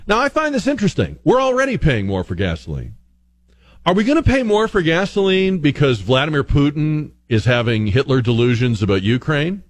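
Animated, argumentative male radio host. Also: a little high, fairly quick. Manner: argumentative, rhetorical questions, animated. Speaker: radio talk show host. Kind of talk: opinionated talk radio monologue.

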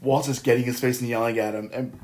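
A man co-hosting a casual film podcast, rambling with halting restarts. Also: medium pitch, fairly even intonation, darkish tone, poor audio. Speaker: podcast co-host.

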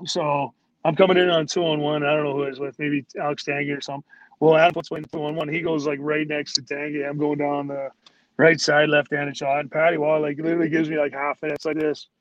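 A man's voice: on the high side, level tone, quick pace, lo-fi sound. A man who played pro hockey, a guest telling stories in a rambling way, full of "like"s and acted-out quotes of teammates. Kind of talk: casual storytelling.

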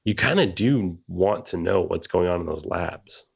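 A man's voice: low-pitched, unhurried, vocal fry, slightly rough, dull audio. A man co-hosting a fan podcast, talking in a casual, rambling way with many fillers and restarts. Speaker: podcast co-host. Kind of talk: casual chat.

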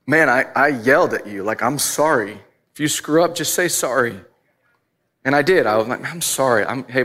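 A man's voice: fairly high pitch, bright, forceful tone. A man who is a father of young boys, preaching a casual, conversational sermon full of asides and self-deprecating laughs. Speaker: pastor.

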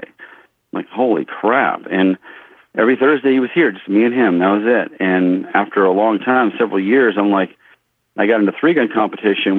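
A middle-aged man, a shooting instructor, telling rambling, lively stories in an interview, acting out what people said. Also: low-pitched, no echo. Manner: animated, rambling storyteller who acts out quotes. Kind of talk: casual storytelling in an interview. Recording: tinny phone-like line.

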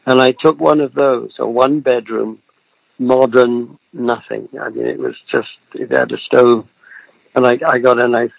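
Gravelly elderly man, muffled and dry. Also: medium pitch, no echo. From Britain. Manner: reflective storyteller, chuckles often, trails off mid-thought. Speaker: actor guest. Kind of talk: relaxed interview over a remote call.

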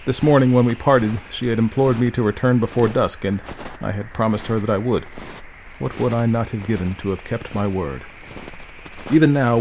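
A man narrating a Victorian ghost story in a measured, dramatic reading style. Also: fairly low pitch, a little mellow, slight background noise, low-quality recording. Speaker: audiobook narrator.

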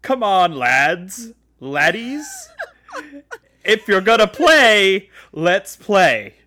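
A man's voice: sits high, very animated, extremely slow, pushed and bright, heavily acted. Rowdy Australian-accented brawler, slurred and taunting, voiced by a man. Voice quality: slurred, hard to understand. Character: rowdy male street brawler with a thick accent.

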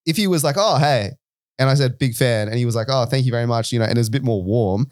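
A man's voice: medium pitch, quick pace, no room sound. Australian male podcast co-host, storyteller, casual, dry close mic. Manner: animated anecdote-telling with frequent "right?" and "like".

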